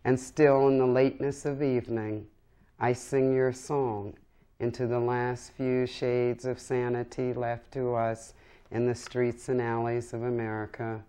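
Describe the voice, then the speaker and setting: Woman poet reading her poems live, low voice, takes it really slow, solemn and intense. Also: little pitch movement, warm tone. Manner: slow, solemn, impassioned recitation. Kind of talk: poetry reading.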